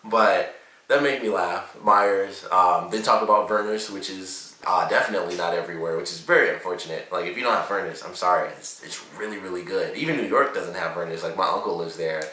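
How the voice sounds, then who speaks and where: A young man reviews a TV episode in loose, rambling talk full of fillers and laughs. His low voice has a bright edge. He sits back from the mic in an echoey room. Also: fairly quick, far from the mic. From Detroit area, USA. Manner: rambling, laughs often, heavy filler words. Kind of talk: casual review monologue.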